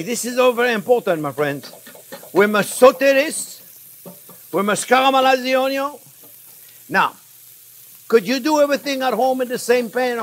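High-voiced animated male chef. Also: a little hiss or hum. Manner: animated, repeats phrases, chuckles, addresses viewers as friends. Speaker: chef, cooking show host. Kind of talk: casual cooking demonstration.

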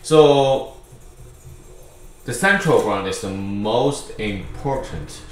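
Give me a man joking through a casual let's-play, lively and low-pitched, with faint noise behind. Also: drawn-out words. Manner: rambling, self-correcting, joking. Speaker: gaming YouTuber. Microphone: far from the speaker. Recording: very echoey, distant mic, faint noise.

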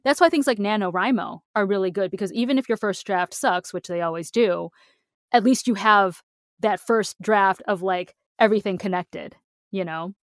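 Animated woman chatting on a podcast. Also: medium pitch, moderate pace, no room sound, studio quality. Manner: animated, emphatic, acts out quoted reactions. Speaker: podcast co-host. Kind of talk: casual podcast chat.

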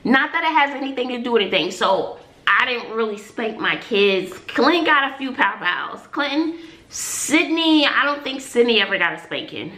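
A woman's voice: fairly high pitch, lively intonation, normal speed, pushed and bright. A woman in her forties, a single mom, chatting to her viewers in a rambling, talkative way. She often laughs and loses her train of thought. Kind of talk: casual chat to viewers. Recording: roomy echo.

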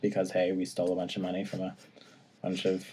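A man's voice: sits low, completely flat delivery, fast, dark tone, slight background noise. A man casually recapping a video game story, now and then acting out lines and laughing. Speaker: podcast co-host.

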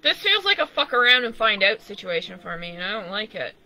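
A gamer who chats casually and swears a lot while playing, reacting out loud to the screen. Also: mid-range voice, very animated, a little fast. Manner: profane, laughing, talking to the screen. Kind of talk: casual gameplay chat.

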